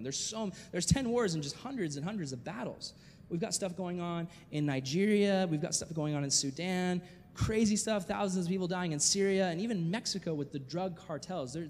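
Animated male preacher in a reverberant hall. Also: high voice, slight background noise. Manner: animated, rhetorical questions, reads scripture aloud. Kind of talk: sermon.

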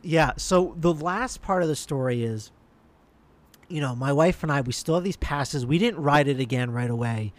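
A man's voice: a little high, moderate pace, dry recording. A man with a voice sitting a little above the usual male range recounts a personal anecdote in easy conversation. He rambles, trips over his own starts and piles on fillers as he works his way through the story. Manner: rambling, full of restarts and fillers. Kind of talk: casual anecdote.

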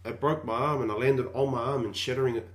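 A man's voice: mid-range voice, steady tone, fast talker. A man telling childhood stories in casual chat, laughing and swearing casually. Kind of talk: casual storytelling among friends.

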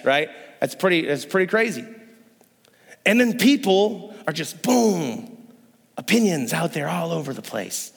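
Joking young pastor in a reverberant hall. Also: male voice, fairly high pitch, very animated, measured pace, creaky, husky. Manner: joking, playful, acts out voices. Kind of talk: sermon. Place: church hall.

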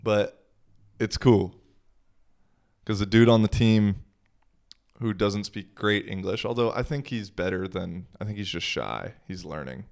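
A man's voice: on the low side, measured pace, creaky, long pauses, a little mellow. A young man hosting his own podcast, talking in a laid-back, slangy, profane way. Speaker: podcast host. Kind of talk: casual solo podcast monologue.

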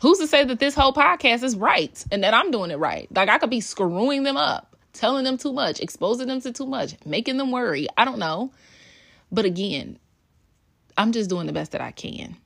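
A woman's voice: fairly high pitch, very animated, a little fast, creaky, fairly bright tone. A woman hosting her own podcast, talking candidly and casually, swearing freely and quoting her kids. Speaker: podcast host. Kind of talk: casual solo podcast talk.

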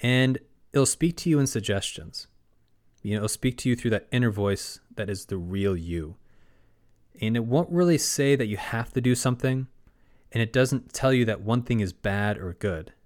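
A man hosting a spiritual podcast, talking in a calm, gently instructive way. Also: medium pitch, normal speed. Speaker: podcast host.

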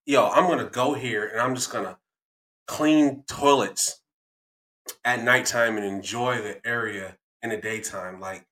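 A man's voice: medium pitch, a little slow, sharp tone, roomy sound, low-quality recording. A young man hosting a podcast, playful and teasing in casual, slangy chat. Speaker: podcast host.

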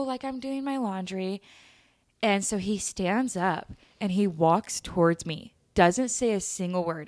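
Young woman telling a story, low-ish voice. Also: dry recording, studio quality. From lived in Utah. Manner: candid, swears freely, laughs while telling. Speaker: podcast host. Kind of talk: casual storytelling chat.

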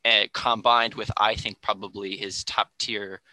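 A man explains rap music in a relaxed podcast chat, thinking aloud as he goes. His voice is fairly low but very bright and cutting. The sound is dry and close, with no room around it. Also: measured pace, no room sound, rough recording. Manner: thoughtful, explanatory. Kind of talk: casual podcast conversation.

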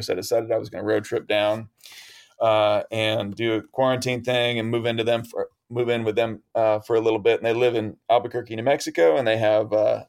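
A man's voice: fairly low pitch, vocal fry. A man telling a long story as an interview guest, rambling with many fillers and laughing often.

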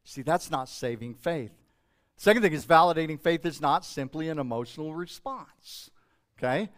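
A man's voice: on the high side, animated, normal speed. A middle-aged male pastor preaching a sermon in an emotional, emphatic way that keeps rising and falling.

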